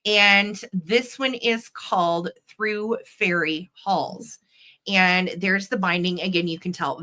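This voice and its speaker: Woman running a live vintage sale stream, chatty and excited, lots of ums, middle-pitched voice. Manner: chatty and enthusiastic, with filler ums. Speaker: host and vintage seller. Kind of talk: live online sales show.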